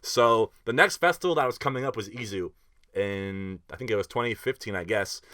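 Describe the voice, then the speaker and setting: A young man telling a festival story in a casual vlog, animated and slangy, with lots of fillers and swearing. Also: fairly low pitch, fairly quick, no echo, studio quality.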